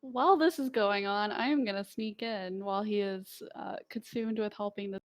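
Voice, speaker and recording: A woman's voice: medium pitch, normal speed, dry recording. A woman playing a tabletop game, matter-of-fact and terse. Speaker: player.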